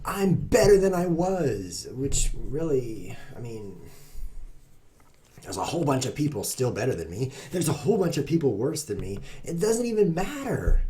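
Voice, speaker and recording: A man's voice: mid-range voice, dark tone, a little hiss or hum. A man giving rambling, self-mocking live commentary while he plays online chess at his computer. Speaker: chess streamer.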